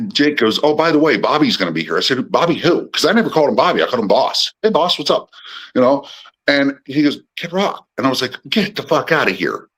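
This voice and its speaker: A man's voice: on the low side, fairly bright tone, low-quality recording. A middle-aged man, a podcast guest, telling long casual stories with many restarts and acted-out quotes. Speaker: podcast guest, former personal assistant to musicians. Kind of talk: casual storytelling interview.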